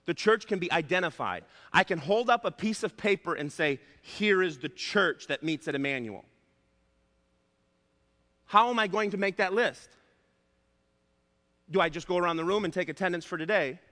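A male pastor preaching a sermon, emphatic and repeating his key points, slowing down to stress words. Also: high-pitched, bright, forceful tone. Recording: long hall reverb.

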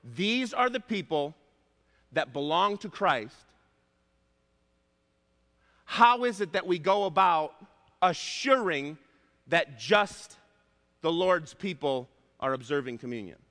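A male pastor preaching a sermon, emphatic and repeating his key points, slowing down to stress words. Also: on the high side, lively intonation, pushed and bright. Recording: long hall reverb.

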